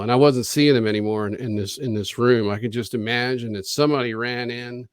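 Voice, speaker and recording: A man tells his story over a video call, rambling and casual, full of restarts and bits of quoted talk. His voice sits at a middle pitch, and the sound is very dry. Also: fairly even intonation, brisk, dry recording. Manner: rambling, profane, with frequent restarts and quoted dialogue. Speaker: interview guest.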